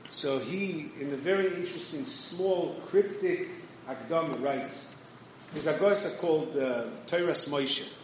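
A man's voice: on the high side, measured pace, hardly any pauses. A man giving a conversational Torah lecture, full of restarts and Hebrew and Yiddish terms. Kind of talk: yeshivish Torah shiur. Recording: very echoey room, faint noise.

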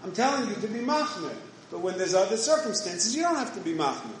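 A man's voice: high-pitched, sing-song, fast. A man giving a conversational Torah lecture, full of restarts and Hebrew and Yiddish terms. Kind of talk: yeshivish Torah shiur. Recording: very echoey room, faint noise.

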